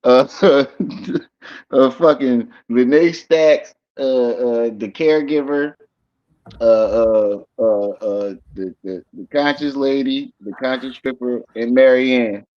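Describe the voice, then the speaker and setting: A man's voice: medium pitch, slow, muffled recording. A man chatting casually as a stream co-host, laughing and telling jokey stories. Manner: laughing, jokey, animated storytelling with put-on voices. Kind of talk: casual chat.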